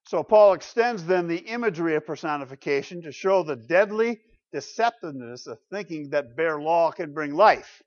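A man preaching a sermon with dramatic rhetorical questions, swinging from loud to quiet. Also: a little high, expressive, moderate pace, hardly any pauses. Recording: dull lo-fi recording.

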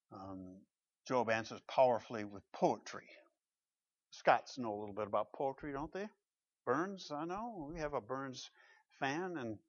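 In church, a male pastor delivers a sermon that alternates between booming emphasis and quiet asides, with rhetorical questions thrown to the congregation. The lo-fi audio carries no room sound.

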